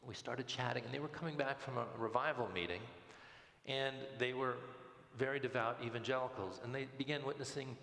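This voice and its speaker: A man with a gravelly, creaky edge tells a personal faith story in a relaxed, conversational way, often tripping over and repeating his words. His voice rings through a big church with a long, echoing tail. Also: mid-range voice, a little fast. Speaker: guest speaker telling his faith story. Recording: echoey church hall reverb.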